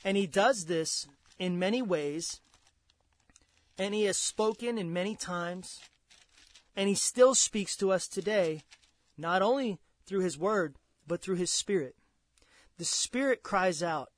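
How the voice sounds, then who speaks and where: A man's voice: high voice, lively intonation, measured pace, no room sound. A man preaching a sermon with fervent energy, repeating words and building up intensity as he presses his points.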